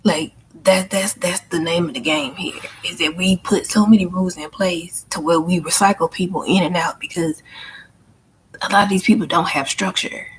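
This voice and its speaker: A woman's voice: on the low side, a little hiss or hum. A woman hosting her own channel, venting bluntly and emphatically in a casual monologue, often swearing and repeating herself. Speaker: channel host and life coach.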